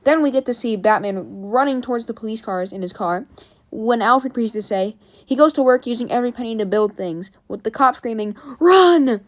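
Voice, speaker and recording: A woman with a fairly high voice, chatting through a comic book story as she retells it scene by scene. Her delivery is casual and animated. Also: a little fast.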